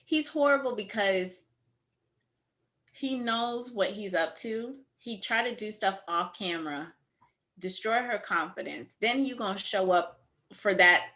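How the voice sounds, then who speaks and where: A woman's voice: mid-range voice, a little slow, sharp tone. A woman co-hosting a casual recap chat, talking in an emphatic, blunt way. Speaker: podcast co-host.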